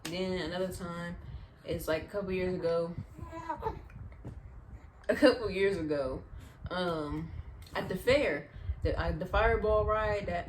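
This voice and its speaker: A young adult woman, a vlogger, telling casual, animated, slang-filled stories in storytime style. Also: on the low side, noisy background. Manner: chatty, slangy, animated retelling.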